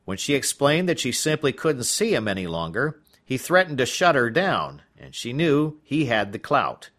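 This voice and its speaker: A man narrates a novel as an audiobook, telling the story expressively. He speaks at medium pitch and normal speed.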